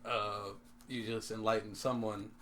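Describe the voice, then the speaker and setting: A man's voice: on the low side, little pitch movement, a little slow, sharp tone. Young guy on a podcast, jokey and swears a lot, laughs mid sentence, faint hiss. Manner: laughing, profane, jokey banter. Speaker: podcast co-host. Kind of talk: casual chat. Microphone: headphones and studio mic.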